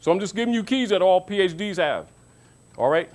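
High-voiced man lecturing, preachy. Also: animated, a little fast. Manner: preachy, rhetorical questions, mocking asides; calls listeners baby. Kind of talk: informal lecture to an audience.

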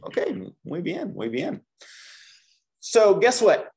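A man's voice: high voice, wildly swooping pitch, slow, darkish tone. A man teaching a beginner Spanish class, upbeat, leading the students in call-and-repeat drills. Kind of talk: classroom language lesson.

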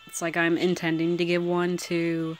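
A woman giving casual commentary while pulling characters in a mobile game, excitable and swearing freely, swinging from squeals to mutters. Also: on the low side, normal speed, soft background music. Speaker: mobile game summoning vlogger.

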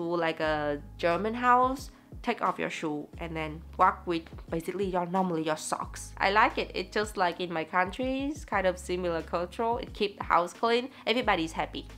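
A woman's voice: fairly low pitch, moderate pace, soft background music. Chatty Vietnamese-accented woman vlogger. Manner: chatty and lively, laughs often. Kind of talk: casual explainer vlog.

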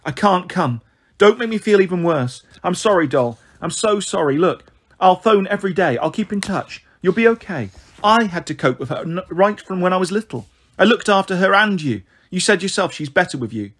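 Give me a man playing an earnest, apologetic teenage girl in an audiobook, husky and lifted in pitch. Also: lively intonation, moderate pace, fairly bright tone, exaggerated voice.

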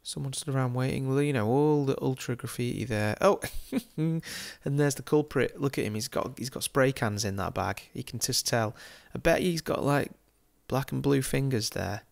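Gravelly, chatty Englishman. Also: mid-range voice, moderate pace. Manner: chatty and amused, laughs often, jokey asides. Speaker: football game YouTuber. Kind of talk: casual commentary over a virtual street tour.

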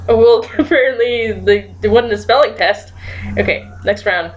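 A woman's voice: a little high, moderate pace, lo-fi sound, a little hiss or hum. A woman casually commenting as she plays a guessing game, giggling and thinking aloud while she types her guesses. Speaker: gaming YouTuber.

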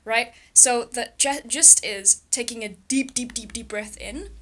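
Young woman, wellness vlogger, slightly high voice, candid and rambling, casual storytelling. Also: moderate pace, hardly any pauses, a bit bright. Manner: candid, rambling, many fillers and restarts.

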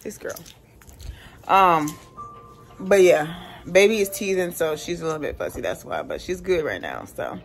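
Chatty young mom vlogging at home. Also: female voice, on the low side, animated, normal speed, faint music behind. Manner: chatty, candid, swears casually, slips into quoted voices. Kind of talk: casual chat to camera. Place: at home, laundry room and house.

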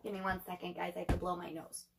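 A young woman, a teacher, reading a chapter book aloud to her class with animated, chatty asides to her students. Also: fairly low pitch, quick pace, vocal fry, slight background noise.

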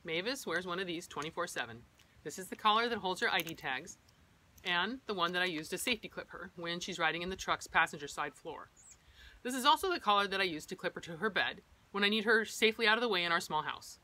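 Bright-voiced woman explaining dog training. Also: fairly low pitch, lively intonation, quick pace. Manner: explanatory, practical, personal asides. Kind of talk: instructional vlog.

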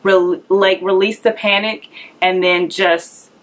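A woman's voice: mid-range voice, steady tone, slow. A young woman telling a personal story in a candid, conversational way, a little out of breath, acting out the voices she quotes. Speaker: vlogger.

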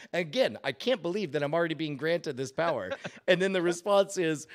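A man co-hosting a casual podcast chat, laughing often and getting animated as he reads aloud. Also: a little high, normal speed. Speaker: co-host.

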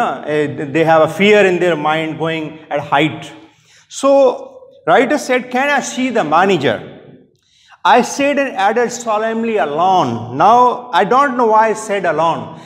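A man's voice: high voice, long reverb tail. A man, a college teacher reading lines of a story aloud and then explaining them in a lecture, with many fillers. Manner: reads lines from the text, then paraphrases them with frequent fillers.

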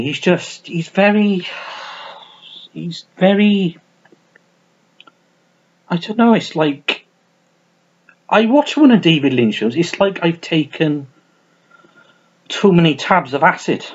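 Rambling sweary guy, husky. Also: on the high side, takes it slowly, long pauses, highs cut off. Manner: rambling, sweary, self-mocking, lots of restarts. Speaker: vlogger reviewing his film collection. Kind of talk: casual unscripted chat to camera. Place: small warm room at home.

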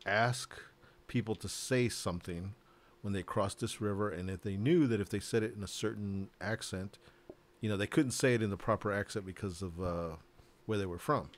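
A man's voice: lowish voice, normal speed. A man chatting casually while playing a game on stream, rambling and losing his train of thought. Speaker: streamer and co-player. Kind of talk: casual chat while gaming.

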